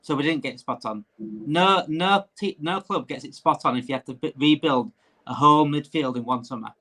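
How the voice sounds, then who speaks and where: A man hosting a casual live-stream chat, ranting in an animated way. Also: a little high, moderate pace.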